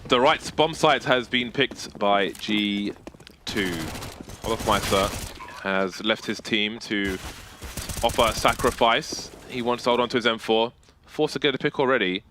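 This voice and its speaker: A man's voice: fairly low pitch, measured pace, background noise. A man commentating an esports match play by play, with jokes and banter between the calls.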